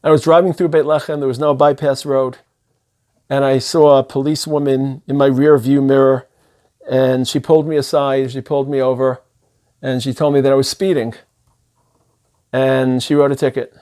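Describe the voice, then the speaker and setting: A man's voice: medium pitch, flat delivery, normal speed, dark tone. A man, a rabbi who lives in Israel, giving an impassioned holiday sermon that builds through long spoken lists. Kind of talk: sermon-style speech.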